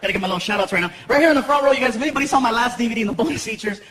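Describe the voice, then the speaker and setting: A man telling stories in live stand-up comedy, animated and acting out the voices of the people he talks about. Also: very high voice, rapid-fire. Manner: animated storytelling, acts out voices. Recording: live show with loud crowd noise.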